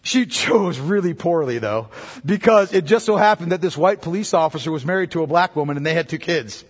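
High-voiced preaching man in a reverberant hall. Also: lively intonation, fairly quick, breathy edge. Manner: swings from loud emphatic to quiet and low. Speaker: pastor. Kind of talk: sermon.

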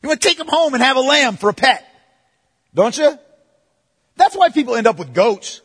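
A man preaching a sermon, moving between forceful proclamation and hushed, playful asides to the congregation. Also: extremely high pitch, big pitch swings, moderate pace, husky, big-room sound. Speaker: pastor.

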